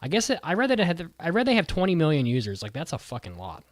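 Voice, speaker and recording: A man's voice: a little high, wildly swooping pitch, fast talker, no echo. A man co-hosting a podcast, brash and jokey, swearing freely and drifting off on tangents. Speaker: podcast co-host. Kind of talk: casual chat.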